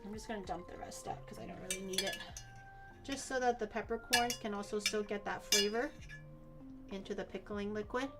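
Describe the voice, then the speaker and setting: A woman's voice: mid-range voice, fairly even intonation, a little fast, loud music behind the voice. A woman streaming herself cooking in a home kitchen, chatting casually, rambling through explanations and swearing now and then.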